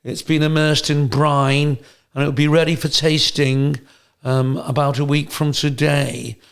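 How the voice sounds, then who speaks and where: Brief: a man doing an unhurried, gravelly cheese-shop manager giving a sales pitch. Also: little pitch movement. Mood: proud. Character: polite male manager of an upmarket cheese shop.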